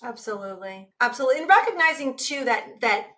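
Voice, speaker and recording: A woman in her forties talking casually about parenting as a guest, animated and acting out the voices she uses. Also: a little high, quick pace. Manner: animated, acts out her own inner voice. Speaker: guest, self-compassion teacher. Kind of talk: casual podcast conversation.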